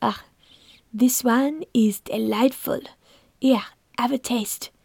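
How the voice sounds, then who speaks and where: A woman voicing a slim, grand-mannered Frenchman, talking slowly and lingeringly. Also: a little high, steady tone, gravelly, darkish tone, breathy edge, dry recording, clean studio sound, heavily acted. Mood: fussy, seductive. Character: suave slim Frenchman, cheese expert, grand temperament.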